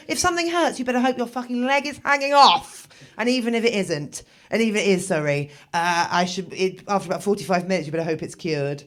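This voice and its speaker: A woman, performing a stand-up set in a wry, dark, self-mocking way with sudden loud bursts. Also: medium pitch, quick pace, few pauses. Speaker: stand-up comedian.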